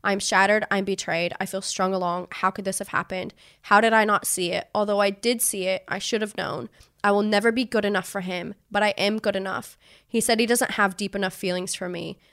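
A woman's voice: mid-range voice, steady tone, brisk, a bit bright. A young woman from Australia, a podcast guest, telling her story candidly and emotionally, swearing freely and acting out what others said. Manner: emotional, swears freely, acts out quoted voices.

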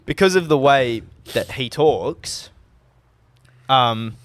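A man's voice: medium pitch, animated, takes it slowly, slight background noise. A young Australian man co-hosting a podcast in casual chat, rambling and acting out texts in voices. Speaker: podcast co-host.

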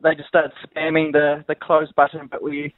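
A man's voice: fairly high pitch, monotone, normal speed, dry recording. A man calling in to a radio show, telling an embarrassing story hesitantly over the phone. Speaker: caller, then bar staff on phone. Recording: tinny phone line.

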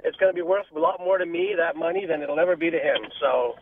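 A male radio caller heard over a thin phone line, blunt and matter-of-fact. His voice sits a bit high for a man. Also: fast talker.

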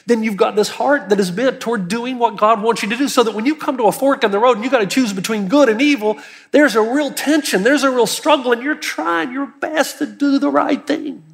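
A man's voice: extremely high pitch, fairly quick, creaky, big-room sound. A man preaching a sermon as pastor, earnest and emphatic, with urgency that builds as he presses his points.

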